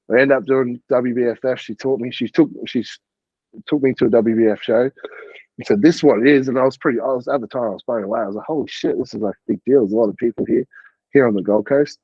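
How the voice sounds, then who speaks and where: A man talks in a loose, rambling way, peppering his sentences with fillers and the odd swear. His voice is mellow and relaxed. The sound is dry and a bit dull. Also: mid-range voice, fast talker, husky, no echo. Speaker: podcast guest, bodybuilding coach. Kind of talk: casual interview chat.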